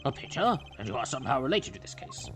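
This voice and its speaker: A man voicing a flustered, excitable old male judge in a video game, stammering and calling out loudly. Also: fast, over music, lightly acted. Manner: high, loud, stammering exclamations. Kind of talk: reading game dialogue aloud.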